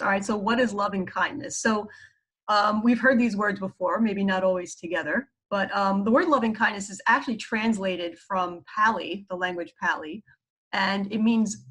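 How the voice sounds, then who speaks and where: A woman with a New York accent talks through a mindfulness lesson in a relaxed, conversational way. She fills her explanations with frequent "okay" check-ins and the odd "um", and her voice sits at a middle pitch for a woman. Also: moderate pace, low-quality recording. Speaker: psychologist teaching mindfulness. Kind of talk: casual instructional talk.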